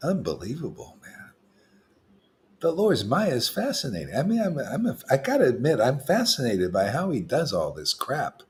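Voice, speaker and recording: A man giving an informal, animated spiritual talk to a group, streetwise in tone and swinging between loud bursts and hushed asides. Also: medium pitch, moderate pace, a little hiss or hum. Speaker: spiritual teacher leading a devotee meetup. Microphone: livestream mic.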